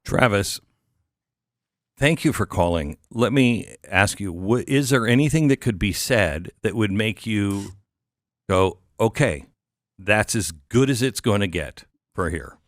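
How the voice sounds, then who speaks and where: Low-pitched male radio host. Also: lively intonation, no room sound, clean studio sound. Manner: measured, coaxing questions. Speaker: radio talk show host. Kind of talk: radio talk show.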